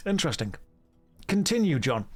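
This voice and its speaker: A man's voice: on the high side, big pitch swings, moderate pace, husky, faint music behind. A blunt male adventurer brushes off a rambling story, read by a man in his own voice. The delivery is dry and dismissive.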